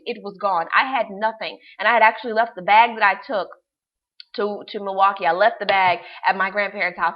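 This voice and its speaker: A woman's voice: mid-range voice, dull audio. A woman life coach telling a personal story to her class in a casual, emphatic way, repeating words for stress and using slang.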